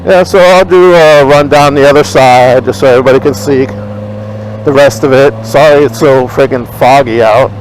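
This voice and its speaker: A man's voice: mid-range voice, moderate pace, low-quality recording. A man vlogging from his motorcycle, casually rambling and retelling an argument, blunt and profane. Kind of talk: casual rambling storytelling while riding. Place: riding a motorcycle on city streets outdoors. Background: faint street and traffic noise.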